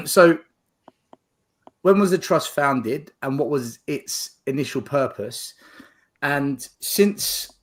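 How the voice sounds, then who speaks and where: A man hosting a football supporters' show, upbeat and chatty as he welcomes his guests. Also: mid-range voice. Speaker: podcast host. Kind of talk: casual fan chat.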